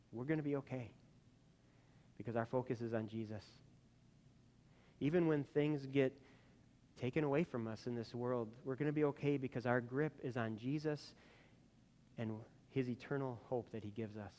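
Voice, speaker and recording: An earnest male pastor delivering a sermon in a mid-pitched voice. He builds to emphatic, insistent peaks, then falls back to a soft, gentle close. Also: steady tone, moderate pace, long pauses.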